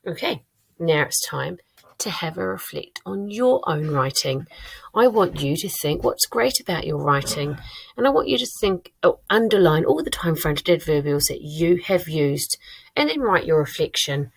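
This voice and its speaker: A woman primary school teacher giving a recorded lesson. She speaks clearly and encouragingly to her pupils and thinks aloud as she checks her own writing. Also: sits low, lively intonation, moderate pace.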